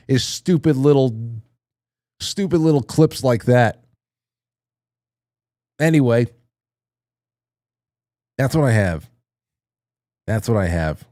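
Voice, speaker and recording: A man's voice: medium pitch, dark tone, no echo, studio quality. Crude, rambling middle-aged male show host. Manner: rambling, crude, self-mocking jokes. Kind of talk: casual live-stream monologue.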